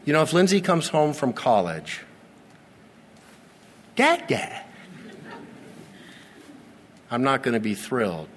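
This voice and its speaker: A middle-aged male pastor preaching to his congregation, repeating key words and letting dramatic pauses hang. His voice rings out in the long reverb of a big church hall, with a faint room hum underneath. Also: medium pitch, big pitch swings. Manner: earnest preaching with dramatic slow pauses and repetition. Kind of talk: sermon. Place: church sanctuary.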